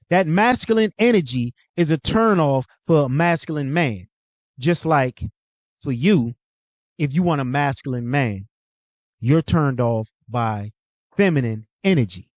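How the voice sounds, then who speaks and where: A man's voice: a little high, a little mellow, no echo. A young adult man hosting his own show, lecturing in a blunt, profane, casual way. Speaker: host. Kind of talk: casual monologue.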